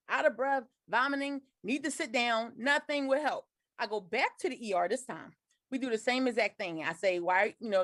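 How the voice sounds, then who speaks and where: A woman's voice: medium pitch, a bit bright, dry recording, studio quality. Earnest woman in her forties. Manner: earnest, detailed storytelling. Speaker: guest sharing her story. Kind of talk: personal storytelling.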